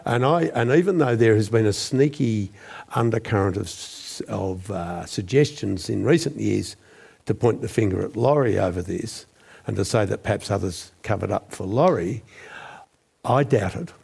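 A man, a former journalist, recounting a story as a guest in a measured, deliberate way. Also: fairly low pitch, animated, vocal fry, a little mellow, breathy edge. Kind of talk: storytelling interview.

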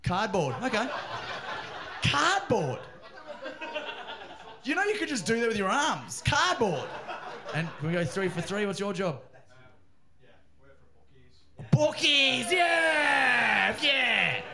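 A man, a comedian, telling a funny story in a loud, laughing, swearing riff. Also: high-pitched, moderate pace, a crowd in the background. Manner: animated, laughing, swearing, riffing. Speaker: comedian podcast guest. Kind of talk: comic storytelling.

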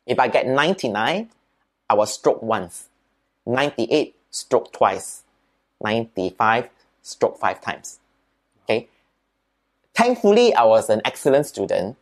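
A man's voice: measured pace, long pauses. A man with a Singaporean accent, telling stories from his childhood as a guest. He talks casually, ends his points with "right?" and mixes in Mandarin words and local particles. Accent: Singaporean English. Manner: chatty, tags sentences with "right?" and "okay?"; lively, swings pitch up and down while telling a story. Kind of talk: casual storytelling.

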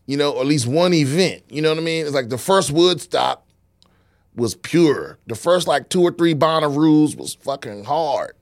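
A man's voice: a little high, expressive, normal speed, no room sound, clean studio sound. A man co-hosting a podcast in casual chat, loose and profane, rambling through his points. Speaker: podcast co-host.

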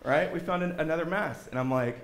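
A man's voice: fairly high pitch, fairly quick, slight background noise. Earnest man testifying in a roomy church. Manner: earnest, keeps asking "right?". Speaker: guest speaker giving a testimony. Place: church sanctuary.

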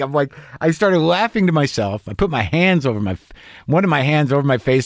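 A man's voice: a little high, sing-song, fast talker, dry recording, studio quality. A man in his fifties hosting a podcast, talking in a rambling, confessional monologue with a wry, self-questioning manner. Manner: self-questioning, wry, restless, circling back on himself. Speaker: podcast host and comedian.

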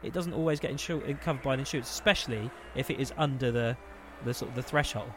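A man, co-hosting a podcast and telling an anecdote with lively, excitable energy. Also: mid-range voice, fast talker, a little hiss or hum. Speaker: podcast co-host. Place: podcast studio.

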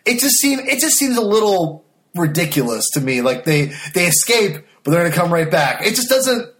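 A man in a casual film discussion, talking in a halting, opinionated way with many restarts. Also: high-pitched, big pitch swings, fairly bright tone.

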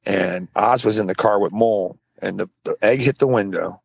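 A slightly husky man, recorded close and dry, tells rowdy stories about old friends in casual chat. He swears freely and leaps high in pitch when quoting people. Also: moderate pace, dry recording. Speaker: podcast co-host.

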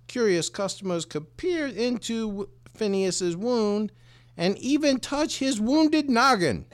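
Male podcast host, lively swearing storyteller, slightly high voice. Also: takes it slowly. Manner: profane, laughing, joke-telling storyteller. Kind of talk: casual comedic podcast chat.

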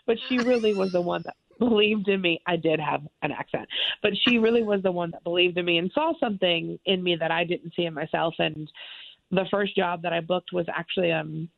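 A woman's voice: on the low side, fairly quick, gravelly. A woman in her forties, a guest on a radio talk show, chatting casually and a bit self-deprecating from Florida. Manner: chatty, self-deprecating, acts out quoted voices. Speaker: actress and singer guest. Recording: tinny phone line.

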